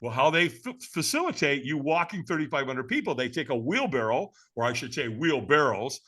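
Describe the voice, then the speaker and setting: A man guesting on a podcast, telling a personal story in a lively, dramatic way and laughing as he goes, with a casual manner. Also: medium pitch, fairly quick, husky. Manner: casual, addresses the host as man and brother.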